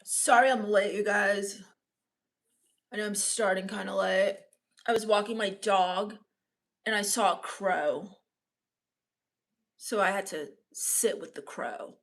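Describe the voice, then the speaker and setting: A woman playing a sullen, bitter teenage goth girl in live-stream character comedy, mopey, deadpan and scornful as she reads the chat. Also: mid-range voice, slow, long pauses. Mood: sulky.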